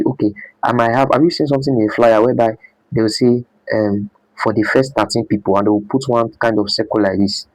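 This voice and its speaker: A man's voice: mid-range voice, fairly even intonation, fast, a little mellow, dry recording, low-quality recording. A man teaching a live design class, repeating his points and quizzing students with "what?". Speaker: design instructor.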